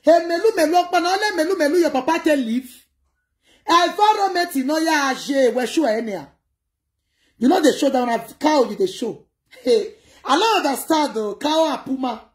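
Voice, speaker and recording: A Nigerian woman chatting casually to her viewers on a livestream, in an animated way that mixes pidgin with another local language. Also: high voice. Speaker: livestream host.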